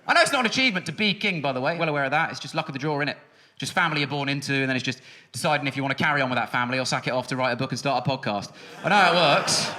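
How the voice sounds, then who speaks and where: A man in his thirties doing a stand-up comedy set on a music hall stage, talking in a quick, sardonic way with sudden high outbursts. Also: pushed and bright. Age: 30s. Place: music hall stage before a live audience.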